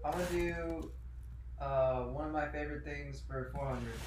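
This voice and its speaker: A man's voice: a little high, normal speed, roomy sound, background noise. A young man competing in a casual podcast quiz game, joking along with his friends. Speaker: contestant.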